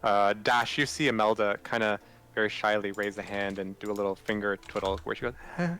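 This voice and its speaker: A man's voice: on the low side, level tone, brisk, a bit bright. A man narrating as game master in a loose, casual way.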